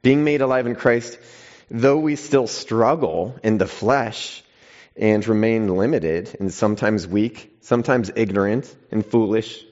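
Male pastor, lowish voice, emphatic preaching with casual asides; muffled lo-fi recording. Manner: emphatic scripture reading with long pauses and sudden quiet stresses; conversational asides to the congregation. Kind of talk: sermon. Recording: dull lo-fi sound.

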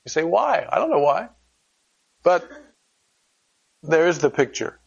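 High-voiced man preaching a conversational sermon. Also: measured pace, breathy edge, dull audio. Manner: conversational preaching, rhetorical questions, animated storytelling. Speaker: pastor.

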